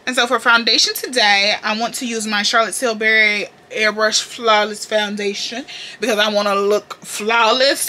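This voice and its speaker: A young woman from the Carolinas with a Southern accent talks through her makeup routine like she's chatting with friends. Her tone is bright and forward, full of sass, slang and cheerful swearing. She sounds close to the mic in a room at home. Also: medium pitch, fairly even intonation, normal speed. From North Carolina, US. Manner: sassy, profane, playful slang. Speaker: beauty vlogger. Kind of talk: casual makeup tutorial chat.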